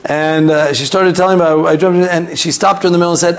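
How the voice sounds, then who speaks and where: A man's voice: on the high side, steady tone, fast. A man teaching a Torah class as a rabbi, rambling and digressing, sprinkling Hebrew and Yiddish terms and chatting with the class.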